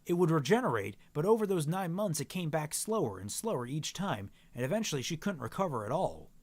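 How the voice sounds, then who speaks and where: A man reads a novel aloud in a casual, animated way, his pitch swinging widely. His voice sits a little high for a man. He trips over words and corrects himself as he goes. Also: a little fast. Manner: animated, stumbles and self-corrects while reading. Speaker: co-host reading a novel aloud. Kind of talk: casual read-aloud, voicing characters plainly.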